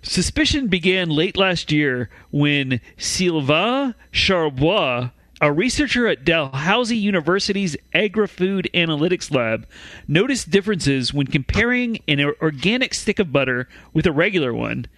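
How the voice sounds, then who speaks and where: A man's voice: a little high, big pitch swings, moderate pace, fairly bright tone, no room sound. A man co-hosting a comedy podcast, reading news stories aloud with frequent stumbles and restarts.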